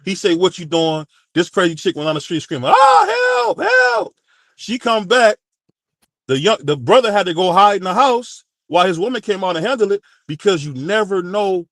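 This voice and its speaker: An emphatic middle-aged man on a remote call, heated in a sports talk debate. His voice is a touch high and the sound is dry and close, with no room around it. He repeats phrases to keep the floor. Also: fairly bright tone, no room sound. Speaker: panel guest.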